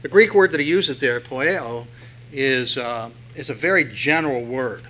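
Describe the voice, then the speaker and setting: Male pastor, bright, forceful tone, chatty sermon with rhetorical questions, faint hum underneath. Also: mid-range voice, a little slow, low-quality recording. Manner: conversational preaching, rhetorical questions, swells loud on scripture.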